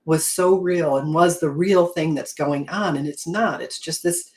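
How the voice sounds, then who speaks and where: A woman's voice: sits low, measured pace, a little mellow. A woman hosting a casual faith talk, telling her story in an earnest, reflective way. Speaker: host.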